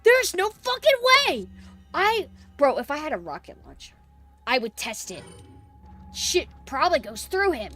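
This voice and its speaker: Loud, lively young woman streamer. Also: high voice, moderate pace, soft background music. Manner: frustrated, swearing, yelling at the game. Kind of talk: live gameplay streaming.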